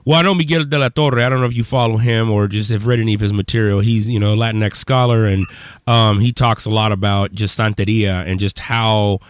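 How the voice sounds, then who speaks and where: Animated male podcast host, dry sound. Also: on the low side, fairly quick, smooth, dry recording. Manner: animated, prodding, says "man" often. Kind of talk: casual podcast interview.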